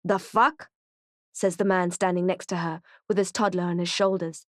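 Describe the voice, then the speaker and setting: A woman narrating a thriller audiobook in a tense, steady, present-tense storytelling voice. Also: lowish voice, a little fast, dry recording, studio quality.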